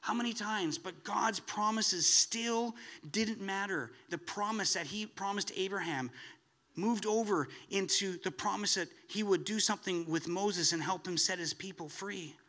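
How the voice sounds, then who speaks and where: A man preaching a sermon in an animated way, building up to excited emphasis. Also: sits high, unhurried.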